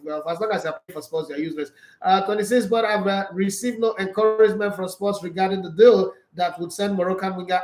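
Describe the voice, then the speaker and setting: Nigerian guy reading transfer gossip and roasting players, high voice, echoey room. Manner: opinionated, joking asides in pidgin, laughs often. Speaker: football commentator reading transfer news. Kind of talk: casual chat reading and reacting to news.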